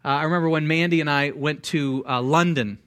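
An American man preaching a sermon in a relaxed, joking way, full of fillers and restarts. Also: a little high, a little fast. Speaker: pastor. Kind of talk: sermon with slides.

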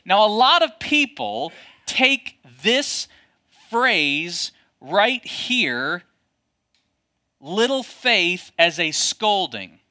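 A man preaching a sermon as a pastor, addressing his congregation with lively rhetorical questions. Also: sits high, drawn-out words.

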